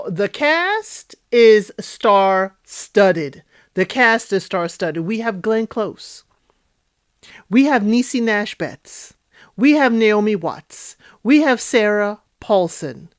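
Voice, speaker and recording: A woman hosting a casual TV recap and review, chatty and animated, talking straight to her viewers. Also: medium pitch, slow pace, no room sound, clean studio sound. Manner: chatty, animated, addresses viewers directly, frequent "you know" and "okay?". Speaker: TV recap host.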